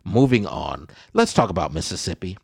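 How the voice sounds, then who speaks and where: A man from Southeast Texas co-hosting a casual talk show, animated and exasperated, with sudden high squeals. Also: moderate pace, vocal fry, heavy background noise. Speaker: co-host. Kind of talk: casual podcast banter.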